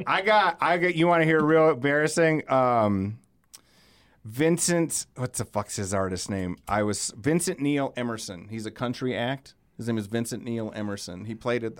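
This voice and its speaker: A man hosting a podcast, telling loud, animated stories in casual chat and swearing freely. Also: mid-range voice, normal speed. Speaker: podcast host.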